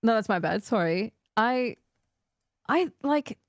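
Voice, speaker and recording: A woman's voice: fairly high pitch, lively intonation, takes it slowly, no echo, studio quality. A woman streamer in casual chat, talking through her opinions in a thoughtful, candid way.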